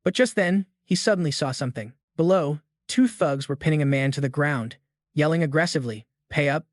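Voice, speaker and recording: A man's voice: on the high side, a little fast, dry recording, studio quality. Man narrating a story recap. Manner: steady storytelling.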